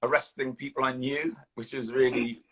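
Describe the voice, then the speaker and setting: A husky older man with a London accent chats as an interview guest. He tells his story in an animated way, stopping often with ums and restarts. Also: medium pitch, normal speed. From London, England. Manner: animated storytelling, hesitant fillers. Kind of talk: casual interview chat.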